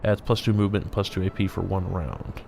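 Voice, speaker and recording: A man's voice: sits low, quick pace, vocal fry, darkish tone, a little hiss or hum. A man hosting a gameplay video, chatting casually and thinking aloud as he plays. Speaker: let's play host. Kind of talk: gameplay commentary. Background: faint music.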